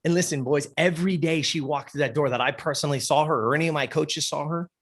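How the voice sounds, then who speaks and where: A man who runs a gym and coaches, telling an animated story in an interview, swearing freely and getting fired up. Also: a little high, fast talker.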